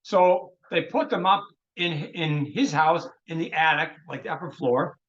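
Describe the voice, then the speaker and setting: A man, a rabbi, teaching a Torah workshop through an animated story, often restarting phrases and dropping in Hebrew terms. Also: fairly high pitch, measured pace, highs cut off, a little hiss or hum.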